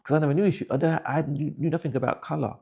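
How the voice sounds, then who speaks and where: A man's voice: fairly high pitch, steady tone, very fast, gravelly, darkish tone, husky. A man, giving blunt, plain-spoken personal testimony. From England. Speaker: interviewee.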